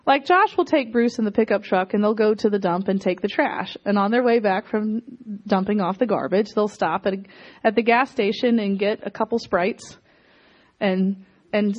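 Animated woman preaching a sermon. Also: medium pitch, moderate pace. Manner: animated, repeats lines for emphasis, laughs often. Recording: dull lo-fi recording.

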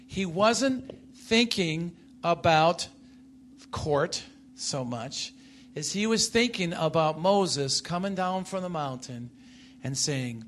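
High, bright-voiced male preacher. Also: lively intonation, measured pace, slight background noise. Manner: emphatic, rises and falls in pitch and loudness, asks the congregation questions. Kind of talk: sermon.

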